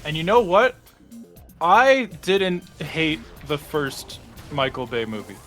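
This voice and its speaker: A man in his twenties chatting casually on a charity stream, animated and laughing. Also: fairly high pitch, takes it slowly, soft background music. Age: 20s. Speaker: stream co-commentator. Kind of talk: casual chat.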